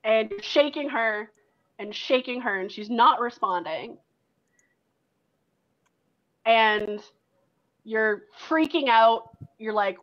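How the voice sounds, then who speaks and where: Woman GM, higher voice, slow and meandering second-person narration, dull lo-fi recording. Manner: loose and filler-heavy, full of likes and ums. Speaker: game master.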